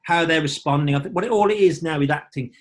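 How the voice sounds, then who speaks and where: A man's voice: fairly high pitch, fast talker. A man from Birmingham with a Birmingham accent, an actor talking as a podcast guest in a rambling way with many restarts. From Birmingham, England. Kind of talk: casual podcast chat.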